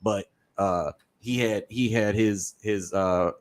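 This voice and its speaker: A man in his thirties co-hosting a comedy podcast, telling stories in a hesitant, halting way. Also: on the low side. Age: 30s. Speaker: podcast co-host. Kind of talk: casual comedy podcast chat.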